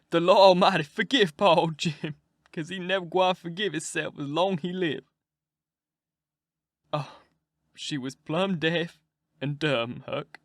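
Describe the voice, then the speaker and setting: Narrator doing a heartbroken rural father, drawn-out dialect, slightly high, dry close sound. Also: fairly bright tone, no room sound. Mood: grief-stricken. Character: grieving adult man, a plain-spoken father.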